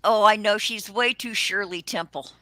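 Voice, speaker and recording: An older woman co-hosts a casual livestream chat in a bright, forward voice. She talks readily and swears freely. The sound is close and dry. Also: medium pitch, moderate pace, dry recording. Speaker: co-host.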